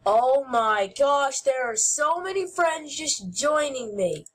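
A woman giving playful gameplay commentary as host, goofy and shouting mock-angrily at other players. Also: high-pitched, animated, slow, hardly any pauses.

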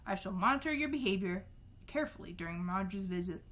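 A heavyset, bullying middle-aged uncle from a storybook, read by a woman. He snarls and blusters, short-tempered and sneering. The voice stays close to the reader's own, middle in pitch. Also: lively intonation, a little fast, a bit bright. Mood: gruff, blustering.

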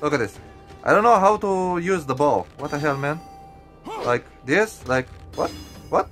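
A young man giving casual gameplay commentary, excitable and profane, stuttering and restarting, with sudden high yelps. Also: moderate pace, soft background music.

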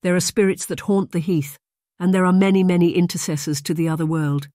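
An audiobook narrator voicing a kindly, mousy middle-aged aunt who speaks in a hushed stage whisper. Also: mid-range voice, fairly even intonation, brisk, dry recording, clean studio sound, voice pushed up, lightly acted. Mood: ominous.

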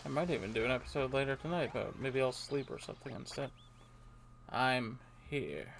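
A man's voice: mid-range voice, animated, normal speed, vocal fry, fairly bright tone, faint music behind. A man playing a video game and commenting casually, playfully reading the game's lines aloud in silly voices. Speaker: let's play gamer. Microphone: desk microphone at a computer.

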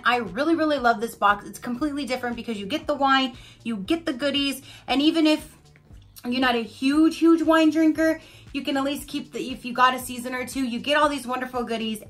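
Her voice is a little high and a bit bright as this unboxing vlogger chats through a casual product review. Gushing and talking directly to viewers, she leans heavily on "like" and "you guys."

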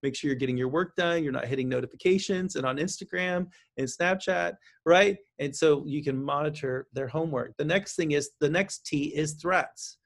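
A man speaking as a counselor guest in an interview, explaining parenting advice with lively delivery and frequent restarts. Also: fairly high pitch, normal speed, gravelly, hardly any pauses. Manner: animated, acts out parent and child lines, frequent restarts. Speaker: counselor and author.

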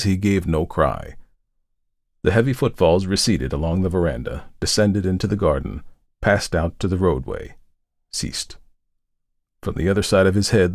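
Male narrator for a ghost tale, very low and deliberate, dry close sound. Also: no echo. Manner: slow, hushed and deliberate.

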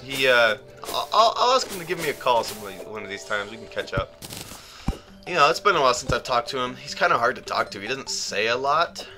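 A young man rambling and joking through casual gameplay commentary, with sudden loud outbursts. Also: mid-range voice, big pitch swings, fairly quick, over music. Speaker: gaming YouTuber.

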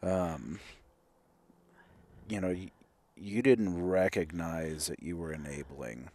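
A man with a very deep, husky voice talks candidly as the host of a conversation. He sounds reflective and often restarts his sentences with fillers. He comes across as a man in his thirties. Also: takes it slowly, mellow. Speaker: clinical counselor and host.

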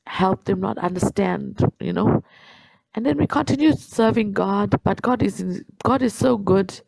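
Husky gravelly woman giving a testimony. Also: a little high, animated, moderate pace, a little mellow, no room sound, poor audio. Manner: earnest, repetitive emphasis. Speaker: guest sharing a testimony. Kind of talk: emotional personal testimony.

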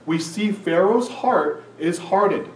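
Animated preaching man in an echoey room. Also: sits high, slow pace. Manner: animated preaching, acts out quoted lines. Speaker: pastor. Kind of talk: sermon. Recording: echoey room, mic at a distance.

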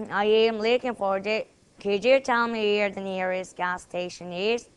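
A woman with a Korean accent and a smooth, medium-pitched voice recites memorized English dialogues, speaking both parts of each exchange. Her intonation stays fairly even, and the student presenter delivers everything deliberately and carefully.

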